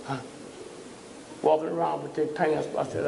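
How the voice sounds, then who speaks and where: Older guy lecturing loud, super gravelly voice, preachy, keeps going huh?, echoey hall. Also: on the high side, level tone, normal speed, slight background noise. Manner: preachy, repeats "huh?" to provoke the audience. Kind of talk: fiery public lecture.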